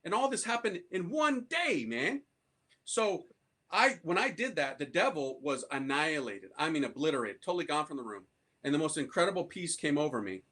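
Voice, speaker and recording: An American priest gives his conversion testimony to an audience, casual and animated, in slangy speech. His voice is a little high and his pace moderate.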